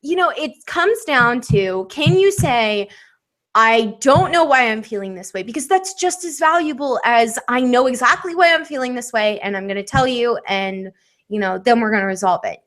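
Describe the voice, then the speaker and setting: A woman co-hosts a relaxed podcast conversation, her voice sitting somewhat high. She talks candidly and rambles, filling pauses with frequent ums. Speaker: podcast co-host. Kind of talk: casual chat.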